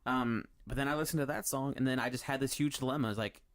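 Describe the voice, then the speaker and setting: A man's voice: mid-range voice, fast, fairly bright tone. A man hosting a podcast, chatting casually and rambling through a story with lots of fillers and restarts. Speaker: podcast host. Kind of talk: casual chat.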